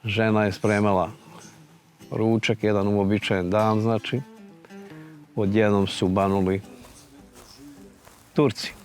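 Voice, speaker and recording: A low-voiced man narrates a folk tale in an even, flat tone without hurrying. Guitar music plays faintly behind him. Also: unhurried, long pauses. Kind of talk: storytelling narration.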